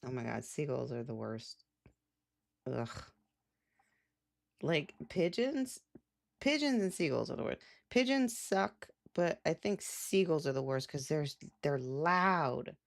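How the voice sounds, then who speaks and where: A woman's voice: low voice, sing-song, slow, gravelly. A young adult woman live streamer chatting casually, rambling with lots of "like" fillers and laughs. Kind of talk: casual chat.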